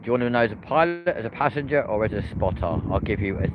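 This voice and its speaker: Man, live stream host, rooftop plane-spotting commentary, chatty and upbeat, muffled outdoor recording, clear traffic noise. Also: mid-range voice, animated, fast. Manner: chatty, banters with chat, cheers on landing planes. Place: hotel rooftop outdoors by an airport.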